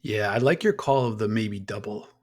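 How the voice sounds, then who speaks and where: A man with a fairly low voice co-hosts a casual women's soccer podcast, speaking animatedly at a moderate pace. He's enthusiastic, swears freely and rattles off player names during the sports chat.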